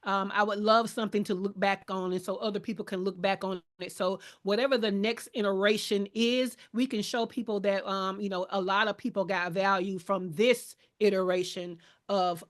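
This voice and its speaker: A woman's voice: medium pitch, fairly even intonation, normal speed, hardly any pauses. Chatty woman coach, live show. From Alabama. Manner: warm, chatty, Southern slang, addresses audience as y'all. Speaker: business coach and show host. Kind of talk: casual live-stream talk.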